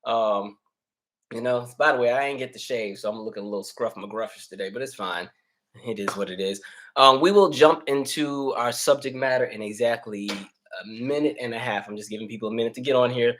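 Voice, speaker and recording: Somewhat winded, a man hosts a laid-back live chat, calling out viewer names as he talks in a chatty, easygoing manner. His medium-pitched voice moves fairly quickly.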